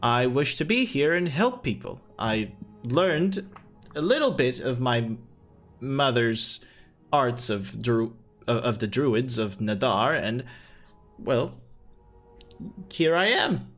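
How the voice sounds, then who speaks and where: A man voicing a brash, teasing young woman who is the hero's best friend, in a high put-on voice during a tabletop game. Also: big pitch swings, slow pace, long pauses, faint music behind. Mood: earnest. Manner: loud, mocking, high put-on voice.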